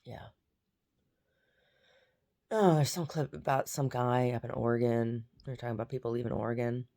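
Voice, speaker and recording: A woman's voice: very deep voice, steady tone, normal speed, mellow. A woman vlogger chatting casually and meandering, repeating words and muttering asides to herself. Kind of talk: casual rambling chat.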